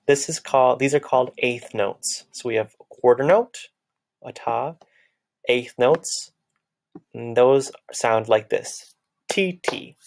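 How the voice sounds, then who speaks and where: A man's voice: medium pitch, takes it slowly. A man teaching a children's music lesson, patiently clapping out words and chanting their syllables.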